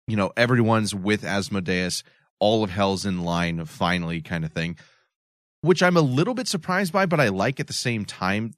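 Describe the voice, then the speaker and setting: A man with a low-pitched voice talks through a TV episode as a podcast co-host, loose and conversational. He explains at length and circles back to restart his points. The sound is dry and close, with no room around him. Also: fairly bright tone, no room sound. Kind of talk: casual episode discussion.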